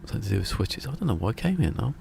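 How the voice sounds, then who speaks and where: English man, game streamer, deep voice, rambling casual chat, restarts sentences. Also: sing-song, rapid-fire, vocal fry, darkish tone, a little hiss or hum. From England.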